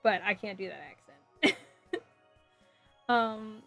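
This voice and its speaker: A woman's voice: medium pitch, slow pace, bright, forceful tone, highs cut off, faint music behind. A woman live streaming as she builds a model kit, chatting with viewers in a sassy, giggly way. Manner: sassy, playful, giggly, reacts to chat messages.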